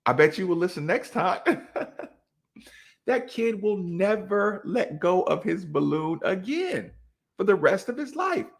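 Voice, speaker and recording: A man hosting a casual chat, telling a story in an animated way, acting out quotes with big jumps in his voice. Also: high voice, unhurried, vocal fry. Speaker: podcast host.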